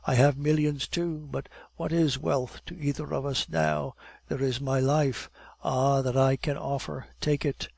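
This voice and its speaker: A man reading the part of a devoted, adoring young woman in an audiobook, in a gentle, earnest manner. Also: medium pitch, level tone, unhurried, gravelly, no room sound. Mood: tender.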